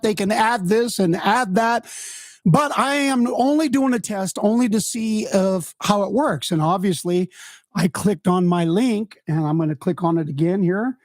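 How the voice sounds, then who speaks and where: A man's voice: sits high, no echo. Chatty guy streaming live from his home studio, rambly and self-mocking, dry close sound. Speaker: host of a music podcast and live stream. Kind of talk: casual unscripted live stream. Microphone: headphones on, desk mic.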